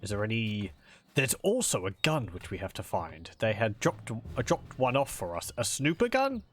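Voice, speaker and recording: A man talking through a game session in a loose, rambling way, his pitch rising and falling freely. He often stops to correct himself mid-sentence. Faint game music plays under his voice. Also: very animated, moderate pace, a bit bright. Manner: chatty, rambling, self-correcting. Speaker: gaming video host. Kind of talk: casual let's-play commentary.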